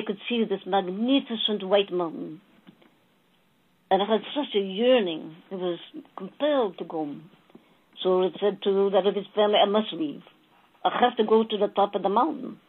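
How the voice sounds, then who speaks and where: A woman delivers a channeled spiritual message, slowly telling a fable and addressing her listeners as beloved souls. Her voice is husky and sits at a medium pitch. The audio is tinny and narrow, like a phone line.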